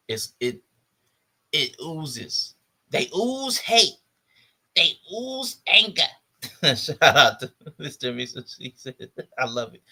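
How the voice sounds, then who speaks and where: A man's voice: medium pitch, creaky, sharp tone. A man hosting a podcast, giving blunt, disdainful commentary on video clips and repeating his points for emphasis. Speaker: podcast host.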